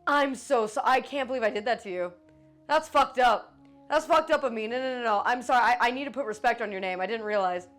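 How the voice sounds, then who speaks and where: A woman's voice: a little high, a little fast, a bit bright, soft background music. A woman streamer in casual live chat with her viewers, swearing freely and swinging between joking and apologizing.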